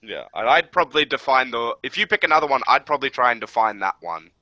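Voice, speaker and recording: A man's voice: mid-range voice, very animated, fast talker, bright, forceful tone, no room sound, rough recording. A young man chatting casually as a player on a voice call, laughing often and explaining the rules. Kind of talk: casual game chat.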